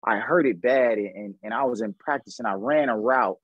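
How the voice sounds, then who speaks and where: A man in his thirties, a former pro football player, telling stories in a casual interview, slangy and animated, acting out what people said. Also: mid-range voice, fairly quick, no room sound, highs cut off. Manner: animated, slangy storyteller acting out quoted dialogue.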